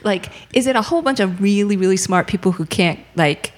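A woman's voice: medium pitch, lively intonation, fairly quick, a little hiss or hum. A woman hosting a podcast as a script consultant, chatty and laughing easily. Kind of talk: casual podcast chat.

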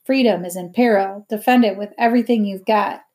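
Brief: excitable little boy, eager and lively, in a storybook reading, read by a woman. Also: mid-range voice, brisk, natural voice.

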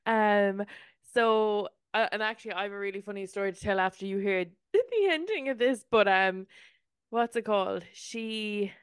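Giggly young woman, smooth voice. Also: mid-range voice, normal speed, no echo, studio quality. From Ireland. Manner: laughs often, reacts and retells. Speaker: podcast co-host. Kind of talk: casual chat.

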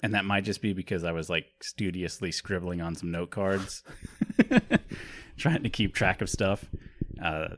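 A man's voice: low voice, expressive, a little slow, pauses often. A man co-hosting a casual podcast about movies, joking and rambling with frequent laughs. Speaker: podcast co-host.

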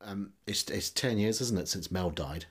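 A man's voice: low-pitched, moderate pace, a bit bright, slightly rough. A man hosting an interview, asking questions and giving brief encouraging replies. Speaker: podcast host.

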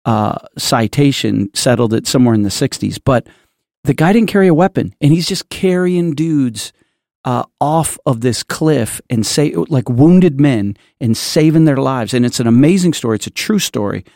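Gravelly-voiced man telling a story. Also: mid-range voice, expressive, moderate pace, a little mellow, dry recording, clean studio sound. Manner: rambling, storytelling with many restarts. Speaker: podcast host. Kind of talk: casual church podcast chat.

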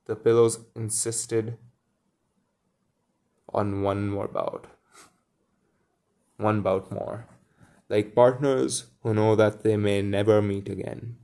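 A man reading a children's story aloud, pausing to muse and comment on it. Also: on the low side, vocal fry, dark tone. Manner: muses aloud between passages. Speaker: reader.

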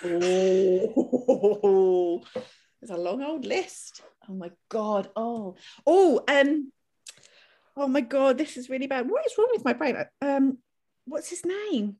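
A woman's voice: high voice, expressive, takes it slowly, mellow. A woman in casual chat, giggly and exclamatory.

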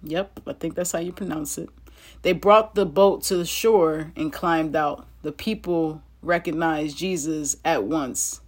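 A woman reads scripture in a lowish voice and at a slow, easy pace. She keeps stopping to chat with her listeners, laughing often between verses. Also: fairly even intonation. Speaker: Bible teacher. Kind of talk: casual Bible reading with commentary.

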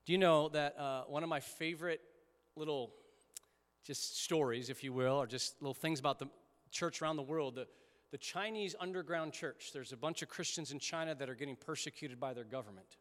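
A man's voice: fairly high pitch, a little fast. Man preaching in a reverberant church. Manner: conversational, emphatic preaching with soft prayerful drops. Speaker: pastor. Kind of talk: sermon. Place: church sanctuary.

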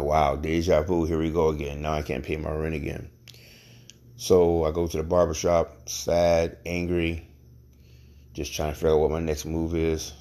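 A man hosting a podcast, telling his own story in a casual, halting way with frequent pauses and restarts. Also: extremely low pitch, darkish tone. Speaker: podcast host.

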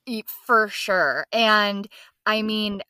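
A woman's voice: medium pitch, very slow, pushed and bright, dry recording. A woman co-hosting a podcast in casual chat, telling stories animatedly and acting out quoted lines with casual swearing. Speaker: podcast co-host.

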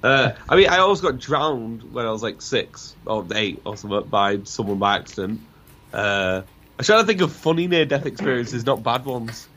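A man's voice: medium pitch, very animated, moderate pace, a bit bright. A man guesting on a podcast, a rambling storyteller who acts out the voices in his tale. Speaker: guest musician. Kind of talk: casual podcast chat.

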